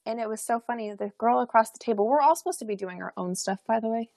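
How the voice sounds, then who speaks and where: A woman's voice: a little high, quick pace, a little mellow, no room sound. A young adult woman, a podcast guest, telling a personal story in a chatty way, full of fillers and restarts and frequent laughs.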